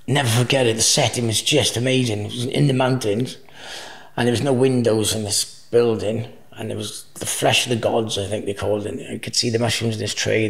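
Gravelly bloke rambling thru crazy travel stories, swears a lot, keeps laughing, echoey room. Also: male voice, on the low side. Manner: laughs often, swears freely, rambling anecdotes. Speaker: podcast guest. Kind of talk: casual storytelling interview. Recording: roomy echo.

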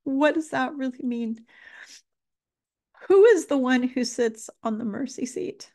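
A woman giving an earnest, casual spiritual talk, repeating phrases and pausing with fillers as she grows emotional. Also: high-pitched, lively intonation, dark tone. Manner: earnest, emotional, pauses to collect herself. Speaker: spiritual teacher.

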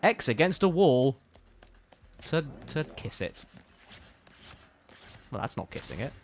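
A man's voice: a little high, big pitch swings, slow pace, slight background noise. A man giving casual, playful, teasing commentary while streaming a video game.

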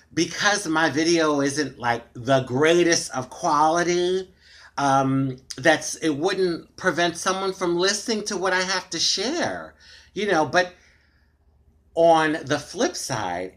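An American woman with an extremely low, fairly bright voice vlogs from a dim room at home, speaking into her tablet camera's microphone. Her casual talk to camera is chatty, candid and frustrated, packed with fillers such as "you know."

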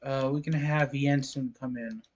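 A man casually commenting on his own soccer video game, low-key and a bit sleepy, with sudden exclamations at plays. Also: fairly even intonation, measured pace, a little mellow, dull audio. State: sleepy, yawning. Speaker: gameplay commentator.

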